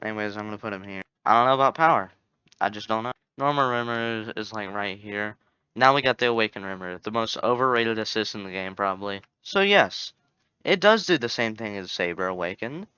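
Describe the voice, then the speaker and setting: Animated and brisk, this lowish male voice is bright, forceful, clear and resonant as a young gaming YouTuber offers jokey, meandering tier-list commentary full of self-corrections. There's no echo, though the home mic sounds dull and lo-fi.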